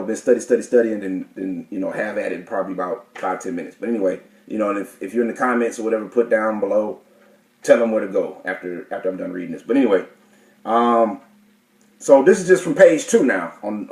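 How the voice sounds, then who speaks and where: A man's voice: lowish voice, fast talker, darkish tone. Man reading definitions in an echoey room. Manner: hesitant, many fillers and self-corrections. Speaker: class teacher. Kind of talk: reading and explaining legal definitions.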